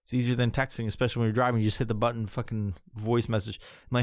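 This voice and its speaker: A young adult man hosting a podcast, ranting casually and profanely, often jumping into squeaky high voices for bits. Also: flat delivery, very fast, dry recording, clean studio sound. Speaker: podcast host. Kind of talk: casual comedic podcast rant.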